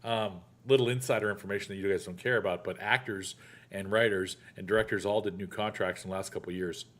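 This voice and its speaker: A man hosting a casual chat show, telling a story in a lively way and acting out the voices he quotes. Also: on the low side, fast talker. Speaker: podcast host.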